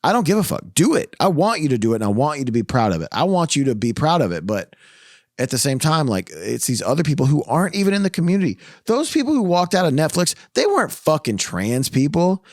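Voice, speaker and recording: A man's voice: a little high, very animated, brisk, dry recording, clean studio sound. Profane, heated man ranting on a podcast. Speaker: podcast co-host. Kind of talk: casual podcast chat. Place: podcast studio.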